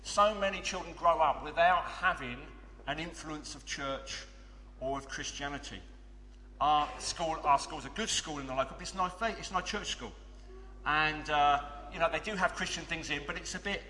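A man's voice: fairly high pitch, bright, forceful tone. A man leading a church children's club and speaking earnestly to a congregation, with fillers and restarts. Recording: long reverb of a big hall.

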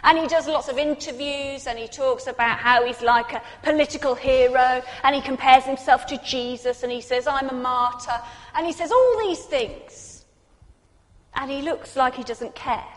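A woman preaching a sermon, building to intense peaks and sinking to quiet, reflective passages. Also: sits high, normal speed. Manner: dramatic, rising to intense peaks then dropping quiet. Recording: long reverb in a large hall.

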